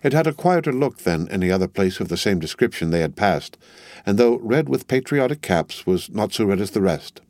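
A man narrating a classic novel in a measured, literary storytelling manner. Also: lowish voice, animated, darkish tone, dry recording. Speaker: audiobook narrator. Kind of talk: scripted narration. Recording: dry close studio sound.

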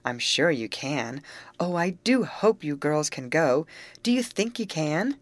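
A woman's voice: low-pitched, big pitch swings, measured pace, dry recording. A woman reading the part of a polite, earnest teenage girl in an audiobook.

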